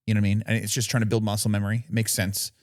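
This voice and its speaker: A man's voice: on the low side, little pitch movement, rapid-fire, dry recording, clean studio sound. A man co-hosting a casual podcast, explaining things at length while searching for words, often asking "you know what I mean". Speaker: podcast co-host. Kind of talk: casual chat.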